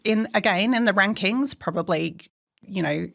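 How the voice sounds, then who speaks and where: A woman's voice: medium pitch, normal speed, vocal fry, a bit bright. A woman from England, co-hosting a podcast in casual, chatty talk full of fillers and frequent laughs. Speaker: podcast co-host. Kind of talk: casual chat.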